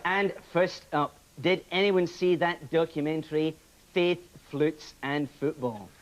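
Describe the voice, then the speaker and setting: A man's voice: fairly high pitch, a little slow, muffled recording, lightly acted. A man playing a dry, sarcastic football show presenter in a comedy sketch. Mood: sardonic. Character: sardonic Scottish football show host, man.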